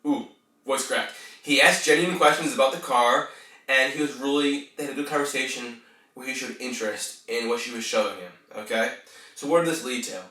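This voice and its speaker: Casual male podcast host, bright and forceful, a bit off-mic, coaching tone, slight mumble. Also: mid-range voice, fairly quick. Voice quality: tends to mumble. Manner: conversational, swears casually, coaching tone. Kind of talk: casual self-help monologue. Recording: roomy, distant from the mic.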